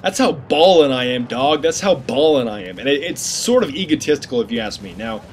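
A man's voice: medium pitch, expressive, a little fast, slight background noise. A man giving casual gameplay commentary, joking and rambling in slang with mock-serious asides.

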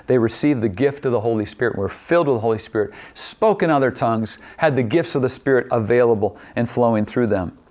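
A man's voice: mid-range voice, darkish tone. Man preaching with repeated emphatic phrases. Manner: poses repeated rhetorical questions; shifts pace, drawing some words out. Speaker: pastor. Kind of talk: sermon.

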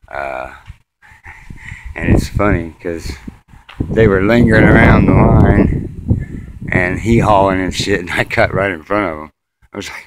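Low-pitched and buried in heavy noise, a man vlogs on his phone outdoors while walking his dog at night. He rambles sarcastically in casual commentary, swearing freely as he rants.

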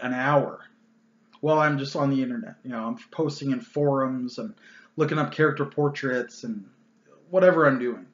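A man's voice: medium pitch, a bit bright, reverberant, lo-fi sound. A man hosting his own channel, telling a tabletop gaming story in a casual, exasperated rant full of loose fillers.

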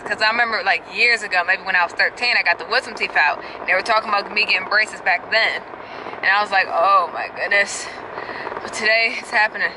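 A young woman vlogger talks expressively and fast to her viewers from inside her car, her medium-pitched voice picked up by a handheld camera. Background noise can be heard in this casual vlog.

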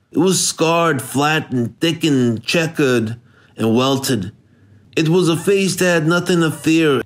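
A man giving steady, measured scripted narration of a hardboiled crime novel. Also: a little high. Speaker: audiobook narrator.

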